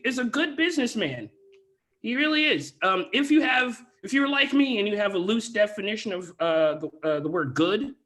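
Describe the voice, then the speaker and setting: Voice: medium pitch, bright, forceful tone. A comedy show host doing crowd banter and bits between acts, loose and rambling with lots of fillers. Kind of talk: stand-up hosting.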